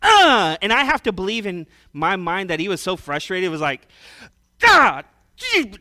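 Male pastor, sermon delivery, high and bright, conversational swings between loud and hushed. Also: fairly quick.

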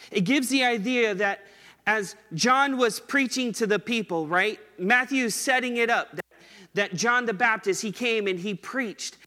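A man preaching a sermon in a casual, conversational way, slowing down and stretching words to stress them. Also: high-pitched, pushed and bright, in a large hall. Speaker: pastor.

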